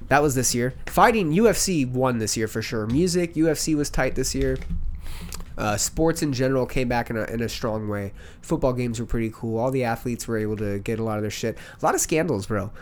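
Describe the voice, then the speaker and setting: A man's voice: mid-range voice, expressive, a little hiss or hum. Profane, joking male podcast host. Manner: profane, joking, talks in quick repeated bursts. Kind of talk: casual chat.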